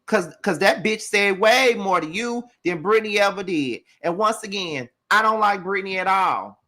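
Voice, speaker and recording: A man's voice: sits high, animated, moderate pace, pushed and bright. A man hosting a reality TV review, ranting with lots of profanity and talking straight to his viewers. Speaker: show recap host. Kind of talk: heated reality TV review rant.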